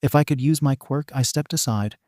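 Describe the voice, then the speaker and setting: Man, story narration, steady, dark mellow tone, dry sound. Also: mid-range voice, a little fast, no echo. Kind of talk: fan fiction reading.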